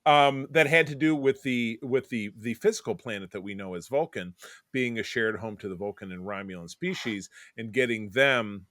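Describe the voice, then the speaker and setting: A man's voice: mid-range voice, moderate pace, fairly bright tone, no room sound, studio quality. A man in his forties co-hosting a podcast in casual chat, rambling and digressive with many restarts. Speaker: podcast co-host.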